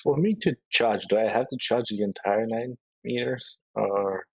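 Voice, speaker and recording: A man with a low, husky voice plays a tabletop game on a voice call. He talks in a lively, swinging way, asks rules questions and laughs easily, and his mic sounds dry and close. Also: moderate pace, no room sound, rough recording. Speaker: player. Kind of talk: casual chat at a tabletop game.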